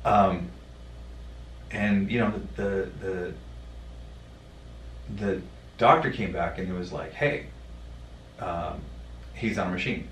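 A man telling a personal story in a podcast conversation, blunt and profane, halting with many fillers. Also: low-pitched, fairly bright tone, a little hiss or hum. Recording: roomy sound from a distant mic.

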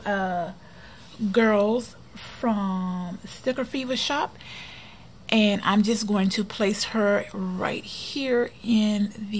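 A woman chatting casually while decorating her planner for a vlog, often dropping to a soft near-whisper. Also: medium pitch, vocal fry, a little hiss or hum. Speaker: planner vlogger.

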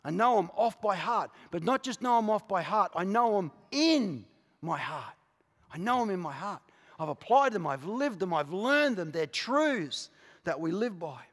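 A man with an Australian accent preaching a passionate sermon as a pastor, moving from quiet, intimate asides to shouted declarations. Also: high voice, animated, moderate pace. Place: large church auditorium. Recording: live church recording with long hall reverb.

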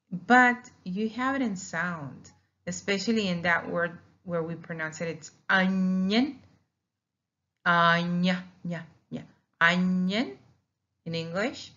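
A woman talks through a recorded language lesson at a very slow, careful pace. Her voice sits a little low as she drills syllables and checks in with "okay?". The audio is dull and lo-fi. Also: a bit bright. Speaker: Spanish teacher.

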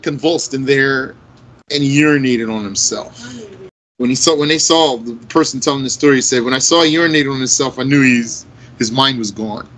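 Bright-voiced man teaching a religious lesson. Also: medium pitch, slight background noise, poor audio. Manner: explains Arabic texts line by line in English, slow and deliberate.

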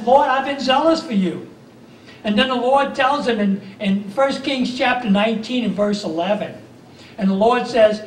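A man with a high voice preaches a fervent sermon, circling back on his own phrases as he tells the story. He is picked up from a distance, so his words ring through the echoey church hall, with a faint hum of room noise underneath. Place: church sanctuary.

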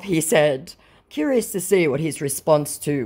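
A woman's voice: deep voice, normal speed, husky. A woman hosting a scam-baiting channel, narrating a chat with a scammer in a sarcastic, scornful way. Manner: sarcastic, animated, laughing at the scammer.

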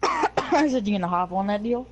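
A woman's voice: medium pitch, very animated, moderate pace, slight background noise. A young woman chatting casually while gaming, joking crudely, swearing and giggling. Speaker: gamer.

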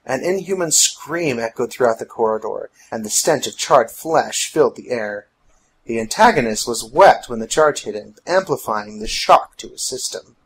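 Male audiobook narrator, husky, animated rises and falls. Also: mid-range voice, poor audio. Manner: dramatic, storytelling.

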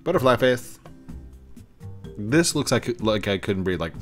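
A man's voice: mid-range voice, lively intonation, a little slow, pauses often, soft background music. A young man hosting a gaming video, casually commenting on camera filters in a playful, rambling, self-mocking way. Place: warm home studio.

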